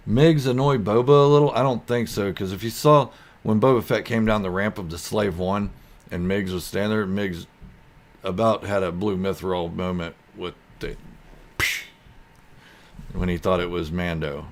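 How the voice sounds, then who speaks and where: Hosting a relaxed live stream at a normal pace, a man with a low voice voices viewer comments and wanders through them in a silly, easygoing manner.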